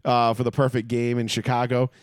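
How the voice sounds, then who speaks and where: A man ranting in casual sports chat as a podcast co-host, profane and animated. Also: mid-range voice, fairly quick.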